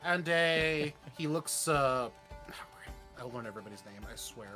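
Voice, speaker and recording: A man playing a tabletop role-playing game, animated and laughing, sometimes stumbling over his words. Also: mid-range voice, normal speed, faint music behind. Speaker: player. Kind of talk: tabletop role-play chat.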